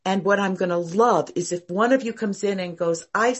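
A woman teaching a meditation class in an emphatic, animated way, repeating her points. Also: mid-range voice, moderate pace. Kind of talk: casual class talk.

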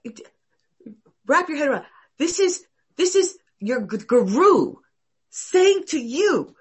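A woman teaching a meditation class in an emphatic, animated way, repeating her points. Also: sits high, slow pace, long pauses. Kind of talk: casual class talk.

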